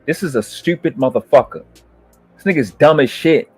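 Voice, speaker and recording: A man's voice: a little high, normal speed, breathy edge, faint music behind. Profane, ranting male debate commentator. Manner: profane, berating, escalating into shouting. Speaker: host reviewing a debate. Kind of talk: heated commentary rant.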